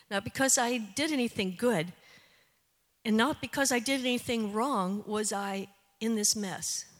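An older woman giving a missionary testimony and prayer in an earnest, conversational way, with frequent "you know" asides. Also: mid-range voice. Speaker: missionary speaker. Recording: long hall reverb.

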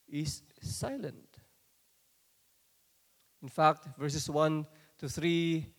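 A high-pitched man preaches a sermon at a slow, deliberate pace. His delivery is dramatic and sometimes swells into forceful bursts. The sound carries the long reverb of a large hall. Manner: dramatic, rising to forceful outbursts when quoting scripture.

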